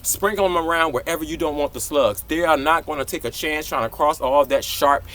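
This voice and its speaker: Man in his forties, high voice, bright tone, exuberant and affectionate, outdoor gardening vlog. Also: a little fast. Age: 40s. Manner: exuberant, affectionate, very animated, lots of catchphrases. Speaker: gardening channel host. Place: outdoors in a garden, hot day.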